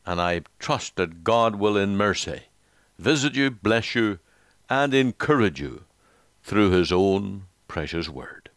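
A male preacher telling an illustrative story in a measured, solemn sermon style. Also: fairly low pitch, animated, a bit bright, dry recording, clean studio sound.

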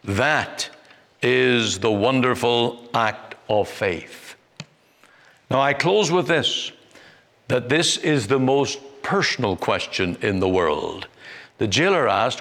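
A man preaching a sermon as a Bible preacher, deliberate and emphatic, with long pauses between phrases. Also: mid-range voice, expressive, fairly bright tone. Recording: long hall reverb.

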